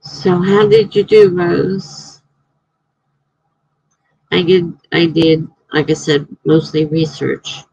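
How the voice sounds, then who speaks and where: A woman's voice: low-pitched, slow, creaky, pauses often, darkish tone, slightly rough, no room sound, highs cut off. A woman, a writer, hosting a casual live stream from home, chatting in a rambling way and laughing often.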